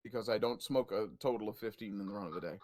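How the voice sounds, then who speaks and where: A man's voice: on the low side, quick pace, a little mellow. A man on a podcast in casual chat, laid-back and chuckling.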